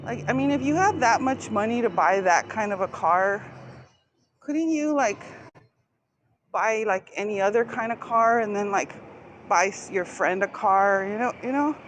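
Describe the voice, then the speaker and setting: A woman's voice: medium pitch, animated, unhurried, low-quality recording. A woman chatting casually on a live stream, rambling with many fillers and restarts, outdoors near traffic.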